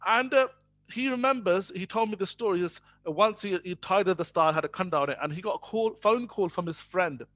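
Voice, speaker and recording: A man's voice: high voice, a little fast, fairly bright tone, no room sound. A man teaching a class on Sikh faith, hesitant with many fillers, switching between English and Punjabi.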